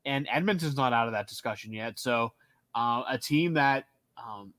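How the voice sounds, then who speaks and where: A man co-hosting a sports podcast, chatting casually about hockey in a relaxed, rambling way. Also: mid-range voice, moderate pace, dry recording. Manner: relaxed, rambling with fillers and restarts. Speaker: podcast co-host. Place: Pittsburgh area.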